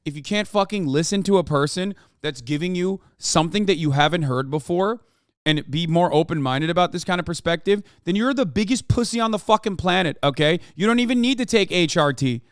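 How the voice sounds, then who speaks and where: A man's voice: high voice, expressive, brisk, clean tone, no echo, studio quality. A man hosting a live stream, ranting heatedly and profanely about politics and mocking his critics. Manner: mocking and combative toward chat.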